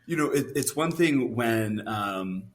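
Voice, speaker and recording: A man of middling pitch talks as a guest on a podcast. He is self-deprecating and hesitant, leaning on fillers as he thinks aloud. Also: animated, slow. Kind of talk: casual chat.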